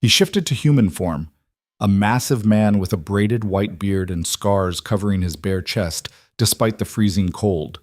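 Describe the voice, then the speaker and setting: A man narrating a fantasy audiobook in a steady, measured storytelling manner. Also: lowish voice, no echo, studio quality.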